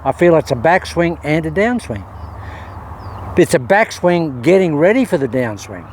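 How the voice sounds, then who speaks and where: A man's voice: fairly high pitch, big pitch swings, moderate pace, a little mellow. A man talking to camera at an outdoor golf practice area, chatting casually and coaching himself between shots. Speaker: golf vlogger. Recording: faint outdoor noise.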